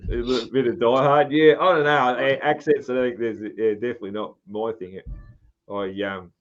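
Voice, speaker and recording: A man's voice: medium pitch, fairly even intonation, normal speed, lo-fi sound. An Australian man hosting a podcast, chatting loosely, swearing freely and trailing off with ums. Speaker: podcast host. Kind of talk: casual podcast chat.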